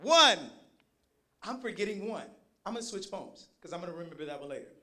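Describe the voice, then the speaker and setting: A high-pitched man with a bright, forceful tone performs spoken word live. He swings from profane comic banter into rhythmic, punchy poetry lines. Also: expressive, brisk. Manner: profane, joking, rhythmic delivery. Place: live stage at an event.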